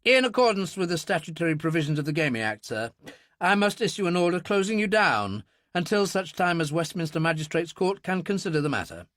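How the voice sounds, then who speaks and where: A man's voice: fairly high pitch, brisk, dry recording, studio quality, pitched above the performer's own voice. A man voicing a precise, formal woman police superintendent in an audiobook. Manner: precise, official, calm.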